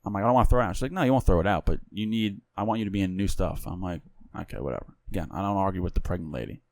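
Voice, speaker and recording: A young man co-hosting a podcast, telling stories quickly in casual chat and acting out quoted dialogue. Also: low-pitched, dry recording, clean studio sound. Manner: fast, animated storytelling with quoted dialogue. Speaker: podcast co-host.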